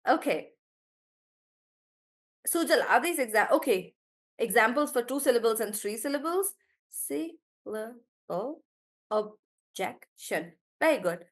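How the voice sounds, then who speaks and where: A woman's voice: fairly high pitch, animated, normal speed, pauses often. Chatty, encouraging woman teacher. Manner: chatty, encouraging, praising students by name; laughs often between explanations. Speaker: English teacher. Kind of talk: live online class.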